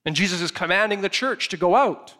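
A man preaching a sermon, retelling a scripture story with animated, acted-out storytelling. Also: sits high, fairly quick. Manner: animated storytelling, acts out the scene. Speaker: pastor.

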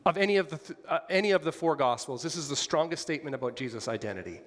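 A man gives a relaxed, conversational sermon, putting questions to his listeners and adding touches of humor. His voice sits a little high for a man. The sound rings with the long reverb of a large hall. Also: rapid-fire. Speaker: pastor.

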